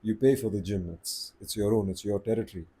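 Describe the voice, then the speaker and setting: A man giving voice tips in a relaxed, unhurried, conversational way, slowing down to stress his points. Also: on the low side, slight background noise. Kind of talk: casual advice talk to camera.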